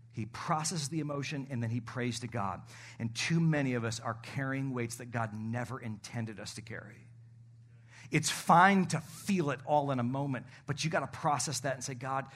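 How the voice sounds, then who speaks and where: A middle-aged man preaching a sermon in a church, building to emphatic calls to the congregation. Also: mid-range voice. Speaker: pastor.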